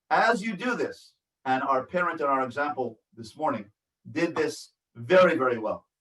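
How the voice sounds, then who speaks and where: A man's voice: fairly high pitch, fairly bright tone, echoey room, far from the mic, poor audio. A man, a rabbi, teaching a parenting class over a video call, reading from a workbook and acting out sample phrases with feeling. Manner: earnest and instructive, acts out sample phrases with feeling. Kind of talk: online lecture reading from a workbook.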